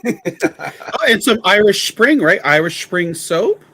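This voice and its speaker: A man joins a live-streamed chat, eagerly egging the others on. His voice sits high, bounces up and down, and carries a breathy, husky edge. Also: animated, slow, bright, forceful tone, no room sound.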